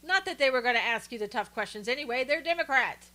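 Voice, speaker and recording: This fast-talking, animated woman has a fairly high, bright, forward voice and runs a casual live stream about politics. Opinionated and chatty, she uses frequent "uh"s while reading viewer comments and greeting people by name.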